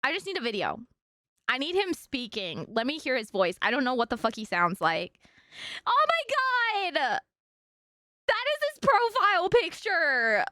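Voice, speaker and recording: A woman streamer chats with her audience, excitable and quick to giggle, dropping swear words freely. Her voice is high and swings widely. The sound is dry and close. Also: dry recording. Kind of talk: casual chat.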